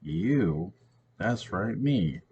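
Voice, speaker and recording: Guy reading as a smug rich schemer, deep and unhurried. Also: expressive, a little mellow, slightly rough, highs cut off, heavily acted.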